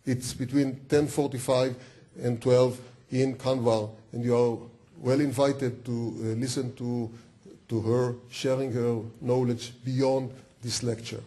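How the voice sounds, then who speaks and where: A man introducing a guest lecturer in a hall, halting now and then with fillers and self-corrections. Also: mid-range voice, little pitch movement, mellow. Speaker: event host. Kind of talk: formal speaker introduction.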